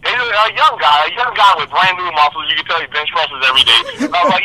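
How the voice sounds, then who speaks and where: Fast, bright-voiced man rambling by phone. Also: fairly high pitch, low-quality recording. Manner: animated, rambling, repeats himself. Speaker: guest caller, fighter. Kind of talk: casual phone-in storytelling.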